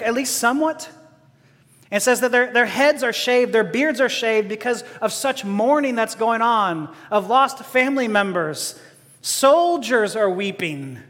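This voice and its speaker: A man's voice: very high voice, a bit bright. A man preaching a sermon in an earnest, impassioned way, building to emphatic declarations. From Texas. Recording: long hall reverb.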